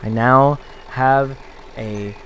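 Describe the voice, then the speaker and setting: A man's voice: mid-range voice, steady tone, drawn-out words, a bit bright, a little hiss or hum. A young man chatting casually to his viewers on a desk mic, rambling with fillers and laughing. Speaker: video creator. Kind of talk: casual vlog talk to viewers. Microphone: desk condenser mic on a boom with pop filter.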